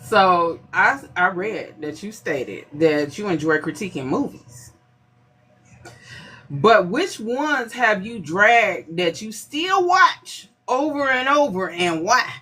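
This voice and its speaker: A woman hosting a casual podcast, asking questions in a slow, lively way. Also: mid-range voice, breathy edge. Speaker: podcast host.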